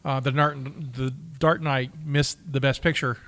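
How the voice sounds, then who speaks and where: A man's voice: medium pitch, little pitch movement, a little slow, a bit bright, dry recording. A man co-hosting a podcast, reading out trivia with eager stumbles and laughs in casual chat. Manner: enthusiastic, reads facts aloud with stumbles and laughs. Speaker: podcast co-host.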